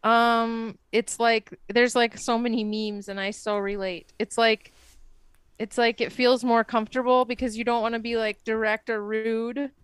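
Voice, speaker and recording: Higher-voiced woman, crisp chatty co-host. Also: little pitch movement, a little slow, no echo. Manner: chatty, many "like" fillers, explains with examples. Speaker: podcast co-host. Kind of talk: casual chat.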